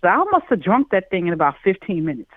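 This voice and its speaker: A man in his forties from Chicago, USA, calls in to a chat show as a guest and tells a story, animatedly acting out the voices in it. His voice sits high and he talks at a quick pace. The tinny, dry phone line carries a noisy background.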